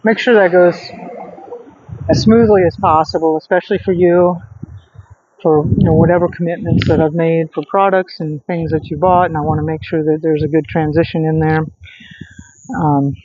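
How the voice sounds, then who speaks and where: A woman's voice: deep voice, steady tone, normal speed. A woman hosting a casual vlog outdoors at night, chatting in a rambling way with many fillers and restarts. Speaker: host. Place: outdoors at night under a street light. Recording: dull lo-fi sound with faint noise.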